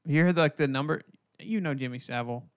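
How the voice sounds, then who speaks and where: A man's voice: a little high, fast, clean tone. A man hosting a podcast, chatting in loose, joking, profane banter. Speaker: podcast host. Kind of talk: casual podcast chat.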